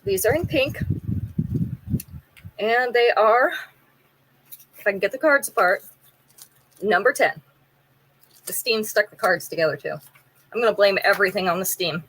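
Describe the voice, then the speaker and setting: A woman's voice: mid-range voice, normal speed, pauses often, fairly bright tone, slightly rough, low-quality recording. A woman hosting a live jewelry sale, chatting casually, describing pieces in detail and running a trivia game with viewers.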